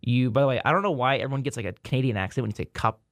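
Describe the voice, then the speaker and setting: A man's voice: medium pitch, racing, no room sound, clean studio sound. A man hosting a casual sports podcast, rambling through playoff picks with frequent restarts and repeated words. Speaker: podcast host.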